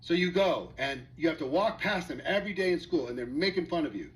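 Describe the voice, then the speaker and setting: A man's voice: a little high, animated, a little fast, low-quality recording. A man speaking as a network marketing presenter, telling a story with rhetorical questions to his audience in a motivational talk.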